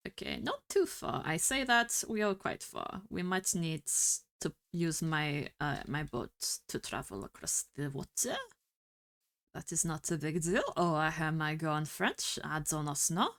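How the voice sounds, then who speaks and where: A woman streamer rambling through casual gameplay commentary, talking to herself with bursts of excited exclamations. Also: low-pitched, measured pace. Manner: chatty, rambling self-talk with excited exclamations. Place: home streaming setup.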